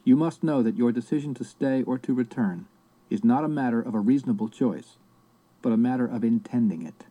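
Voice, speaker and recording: A man's voice: mid-range voice, brisk, dark tone, natural voice, low-quality recording. A man reading the part of an older male sorcerer in an audiobook, speaking in a harsh, commanding, solemn way.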